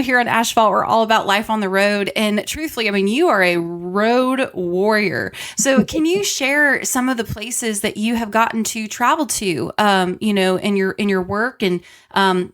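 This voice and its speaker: A woman hosts a podcast interview at an everyday, mid-range pitch. She speaks with admiration for her guest, stumbling over and repeating words as she builds her questions. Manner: warm, admiring, repeats words while searching. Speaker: podcast host. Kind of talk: casual interview talk.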